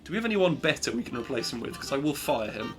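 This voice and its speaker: Man, game stream commentary, upbeat chatter, game music playing behind, mid-pitched voice. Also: expressive, fast. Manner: chatty, upbeat, self-congratulating asides. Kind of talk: live gameplay commentary.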